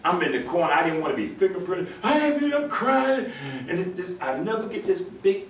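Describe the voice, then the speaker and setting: A man's voice: high-pitched, fairly quick, far from the mic, a little hiss or hum. An older man and retired marshal telling a story to an audience, acting out the other voices and laughing along. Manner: animated storyteller, acts out voices, laughs with the crowd. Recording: echoey hall, recorded from afar.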